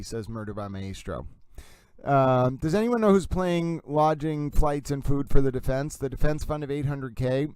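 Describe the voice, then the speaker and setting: A man's voice: medium pitch, a little mellow, smooth, dry recording. A man hosting a casual livestream, reading viewer comments aloud and answering them in a rambling way with many fillers. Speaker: livestream host reading chat.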